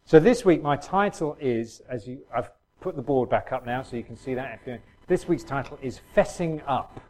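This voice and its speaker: A man's voice: mid-range voice, lively intonation, normal speed, darkish tone, low-quality recording. A middle-aged man preaching a sermon in a conversational way, full of restarts and fillers.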